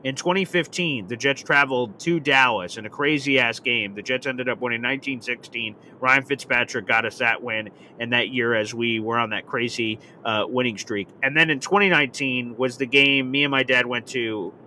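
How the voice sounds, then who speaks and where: A man hosting a live sports reaction show, telling fan stories with bursts of excited swearing. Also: medium pitch, normal speed, hardly any pauses, slight background noise. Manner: excitable storyteller, acts out shouting and swearing. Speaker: host.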